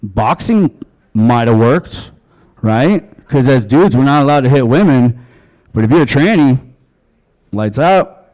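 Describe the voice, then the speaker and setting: A man's voice: medium pitch, expressive, measured pace, long pauses, a little mellow, low-quality recording. A man from Long Island doing a stand-up comedy set in a comedy club, crude and offhand. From Long Island, USA.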